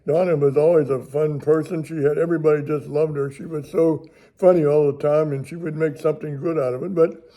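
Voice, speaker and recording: Older male ministry host, folksy rambling storyteller, higher-pitched, very dark tone. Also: fairly even intonation, fairly quick. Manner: rambling, chuckling, folksy grammar. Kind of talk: casual storytelling.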